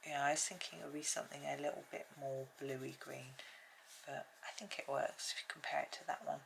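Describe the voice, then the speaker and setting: A woman's voice: rumbling low, fairly even intonation, a little fast, gravelly, a bit bright, slight background noise. A woman hosting a colouring channel at home, chatting and thinking aloud as she works through a casual tutorial.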